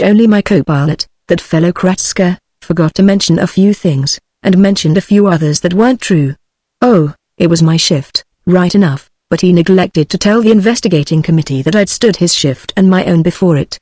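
A text-to-speech woman's voice with a British accent reading an audiobook in an even, synthetic manner. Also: on the low side, a little fast, no echo, studio quality. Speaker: audiobook narrator.

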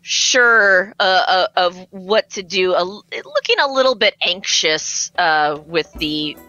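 A woman's voice: on the low side, animated, slow, bright, forceful tone, dry recording, highs cut off. A woman narrating a tabletop game as game master, hesitant and full of fillers.

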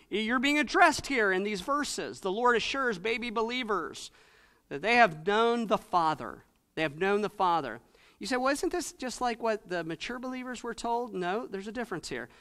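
Impassioned male pastor, bright and clear. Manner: swings from soft, low asides to loud, rising exhortation; preaches with repeated emphatic phrases and direct address to the congregation. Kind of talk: sermon. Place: church sanctuary.

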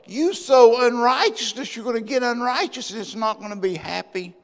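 A man, a pastor preaching a sermon with passion, swinging from loud bursts to hushed asides, in a church sanctuary. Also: extremely high pitch, moderate pace. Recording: long church hall reverb.

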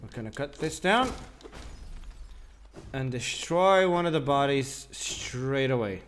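A man's voice: mid-range voice, animated, takes it slowly, fairly bright tone, a little hiss or hum. A young man giving casual commentary while playing a game, grumbling, swearing and mocking himself. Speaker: gaming channel host.

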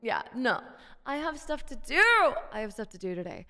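Despite her sore throat, a sick young streamer keeps up playful, foul-mouthed banter with her audience. She speaks at a normal speed in an animated, fairly bright voice on the high side, and the recording is dry and studio-clean.

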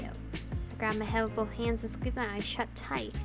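A woman's voice: on the high side, level tone, moderate pace, gravelly, music in the background. Woman reading a visual novel aloud. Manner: emotional reading with giggly asides. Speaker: video game player reading aloud. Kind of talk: visual novel let's play with commentary.

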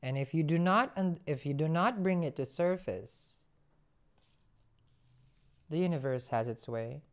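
Woman doing a tarot reading, low voice, chatty, lots of hmms and questions to the viewer. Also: lively intonation, a little slow. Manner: conversational, rhetorical questions, musing hums. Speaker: tarot reader.

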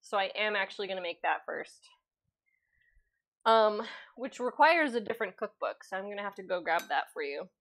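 Cooking on a relaxed livestream, she reads viewers' comments aloud and chats, recorded with a lavalier microphone in her home kitchen. Her medium-pitched voice is fairly bright, with lively intonation and a normal pace.

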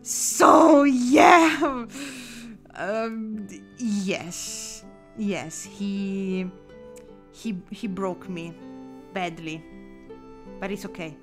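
A woman with an Italian accent chatting casually on a live drawing stream, excitable, with many fillers and restarts. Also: mid-range voice, extremely slow, pauses often, soft background music.

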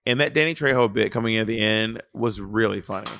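A man's voice: lowish voice, gravelly, fairly bright tone, a little hiss or hum. A man co-hosting a casual review podcast over a video call, teasing and restarting his sentences often. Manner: playful, teasing, halting with many restarts. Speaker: podcast co-host.

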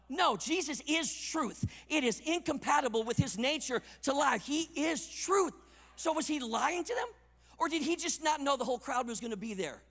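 Man, sermon, high voice, emphatic delivery, long reverb of a conference hall. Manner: emphatic, swings between loud punches and quiet asides. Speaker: conference speaker.

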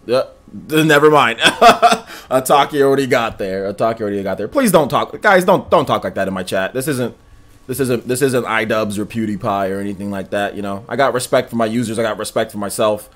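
A man streaming gameplay live, talking to his chat in an animated, repetitive way. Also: fairly low pitch, fast. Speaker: gaming livestreamer.

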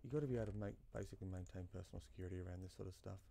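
A man's voice: deep voice, racing, vocal fry, mellow, slight background noise. A man giving casual, rambling commentary while playing a game, with many fillers and asides to himself. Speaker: gaming YouTuber. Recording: faint game music behind.

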